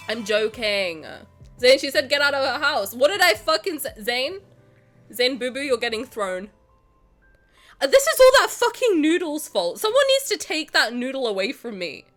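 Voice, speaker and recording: A woman's voice: high-pitched, a bit bright. A woman streamer swearing playfully and ranting in mock anger while she plays a game and chats with her audience at home. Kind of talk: live-streamed game play with chat.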